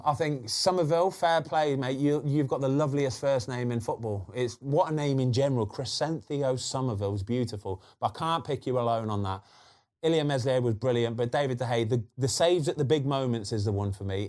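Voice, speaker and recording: A man with a slight lisp hosting a football podcast, chatting in a lively way full of quick asides. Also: medium pitch. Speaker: podcast host. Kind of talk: casual football chat.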